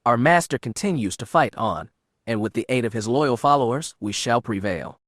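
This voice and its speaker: A man voicing a scheming female Sith dark lord in an audiobook, purring and taunting. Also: medium pitch, animated, normal speed, dry recording, clean studio sound, close to an everyday voice. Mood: commanding.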